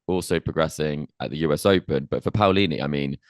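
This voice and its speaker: A man with a very deep voice co-hosting a tennis podcast in a relaxed, chatty way. He fills his talk with ums and I means as he thinks aloud. The recording is dry and close, with no room sound. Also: fast talker, dry recording. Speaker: podcast co-host. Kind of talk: casual tennis chat and interviewing.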